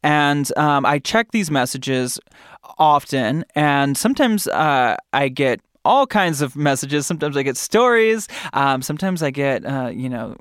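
A man hosting a podcast in a casual, campy and chatty way, often jumping up into high squeals. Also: expressive, measured pace, fairly bright tone, clean tone, no room sound, studio quality. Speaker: podcast host.

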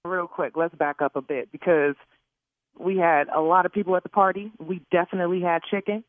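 A woman's voice: lowish voice, steady tone, a little fast, no echo. Outraged woman on a tinny phone line. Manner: loud, outraged, swearing. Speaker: caller, prank target. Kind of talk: heated phone call.

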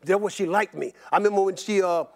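An older man telling stories about his life in an interview, animated and rambling, repeating words and often laughing. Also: sits high, fast talker, gravelly. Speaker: interview guest. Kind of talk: personal storytelling in an interview.

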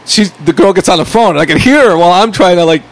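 An animated man on a casual podcast, launching into a long story and acting out every voice in it. His voice sits a little higher than most men's. He swears freely as he talks. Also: quick pace, low-quality recording. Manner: animated, swears a lot, acts out voices in stories. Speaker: podcast co-host.

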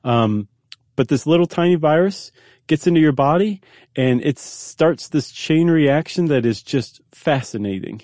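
A man's voice: a little high, expressive, a little slow, darkish tone, no echo, clean studio sound. A man hosting a podcast, explaining facts in casual chat with fillers and restarts. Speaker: podcast host.

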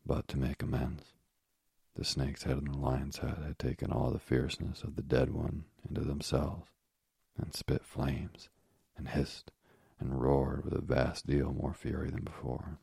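A man reading a storybook aloud as narrator with a measured, even delivery. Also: rumbling low, vocal fry, breathy edge, no room sound, clean studio sound.

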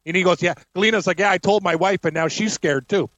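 A man hosting a sports talk radio show, telling stories in a lively, joking way. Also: sits high, fast talker, dry recording, highs cut off. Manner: animated storyteller, laughs often.

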